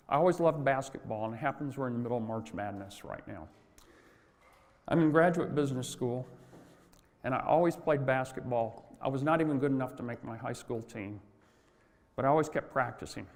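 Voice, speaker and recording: A man's voice: mid-range voice, darkish tone. A man in his sixties giving a folksy, anecdotal motivational talk at a conference, in a large hall. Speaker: conference speaker. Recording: long hall reverb.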